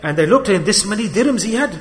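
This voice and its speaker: A man preaching a sermon in a storytelling style, moving between loud emphasis and quiet asides. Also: sits high, animated, racing. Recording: long hall reverb.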